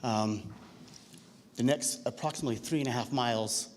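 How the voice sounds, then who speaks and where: A man giving a public comment at a council meeting in a relaxed, folksy storytelling manner. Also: mid-range voice, normal speed, a little hiss or hum. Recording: long hall reverb with faint room ambience.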